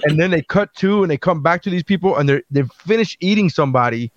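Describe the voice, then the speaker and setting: A man hosting a casual movie podcast, telling stories with lots of swearing and sudden loud outbursts. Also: fairly high pitch, fast, no room sound, dull audio. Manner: animated, profane storytelling with shouted punchlines. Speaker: podcast host.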